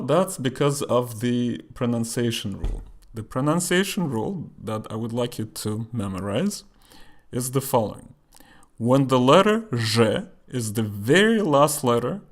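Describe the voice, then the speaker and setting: A man teaching a language lesson, explaining slowly and carefully and repeating example words, a native Russian speaker. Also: medium pitch.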